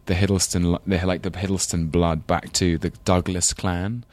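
English guy w london accent rambling on a chat show, deep voice, dry sound. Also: little pitch movement, darkish tone, no room sound. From England. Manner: rambling, self-deprecating, quick to laugh. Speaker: guest actor. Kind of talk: casual chat.

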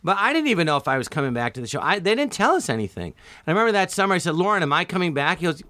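Older male guest, bright, forceful voice, lively storyteller who slips into quoted voices, dry close mic. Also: a little high, racing, dry recording. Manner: animated, acts out quotes in voices. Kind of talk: casual storytelling.

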